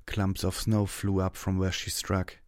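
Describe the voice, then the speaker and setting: Male narrator, low voice, dry close sound, steady audiobook read. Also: a little slow, no room sound. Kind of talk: scripted narration.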